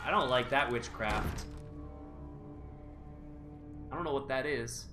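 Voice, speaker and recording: A man's voice: mid-range voice, slow pace. A man streaming a video game live, keeping up a jokey, nervous running commentary to himself. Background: game music.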